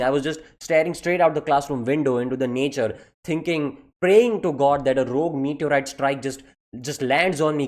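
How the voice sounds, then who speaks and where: A young man telling a comedic personal story in an animated, profane and exaggerated way. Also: a little high.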